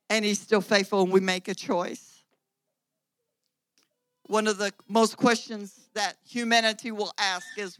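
A woman's voice: on the high side, fairly bright tone, no echo, low-quality recording. A woman preacher giving a sermon, driving points home with repeated phrases and rising volume.

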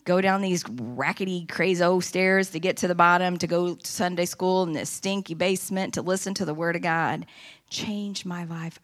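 A middle-aged woman giving a personal testimony at church, telling her story in an earnest, animated way. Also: lowish voice, vocal fry.

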